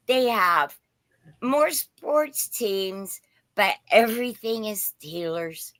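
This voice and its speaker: A woman with a Southern Indiana accent tinged with Pennsylvania hosts a live-stream glass sale, chatting in a folksy, rambling way. Her bright voice moves at an unhurried pace. The sound is close and dry. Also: fairly high pitch, expressive, no echo. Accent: Southern Indiana, mixed with Pennsylvania. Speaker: host selling vintage glass. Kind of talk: casual live-stream sales chat.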